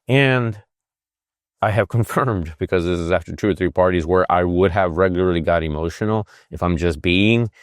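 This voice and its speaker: A man in his fifties hosts a podcast, his voice sitting low at a normal speed with no echo and clean studio sound. He talks casually and reflectively, emotional and rambling, with frequent fillers and restarts.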